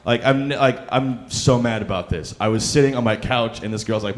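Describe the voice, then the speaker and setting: A man's voice: medium pitch, moderate pace, hardly any pauses. A young man performing a stand-up comedy set, rambling and self-deprecating, with lots of fillers, on a club stage mic. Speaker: stand-up comic.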